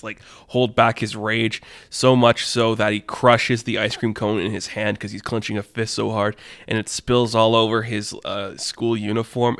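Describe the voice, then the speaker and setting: A man's voice: lowish voice, a bit bright, clear, resonant tone, no room sound. A man telling an improvised story casually, rambling with many fillers.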